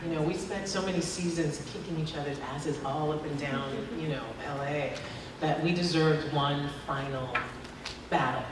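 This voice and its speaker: A woman's voice: low-pitched, fairly even intonation, normal speed. A woman as an actress answering questions at a convention panel, chatty and laughing often, with many fillers. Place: large convention hall. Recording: echoey hall from far off, noisy.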